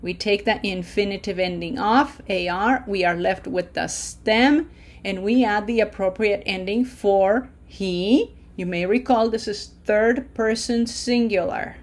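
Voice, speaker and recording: Slow, patient woman teaching a language. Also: medium pitch. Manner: slow, deliberate, stretches vowels when modeling words; patient, checks in with "okay?". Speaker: Spanish teacher. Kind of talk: language lesson over slides.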